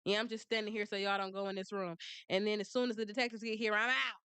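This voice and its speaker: A woman's voice: medium pitch, little pitch movement, quick pace, sharp tone, clean tone, no room sound, lightly acted. A woman doing a fed-up on-call officer. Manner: weary and irritated.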